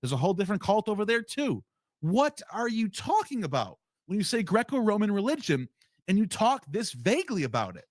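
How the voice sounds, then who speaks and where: Animated, worked-up man streaming. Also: high-pitched, dry recording, clean studio sound. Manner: animated, worked up, rapid rhetorical questions. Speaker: streamer reacting to a video. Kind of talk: heated livestream commentary.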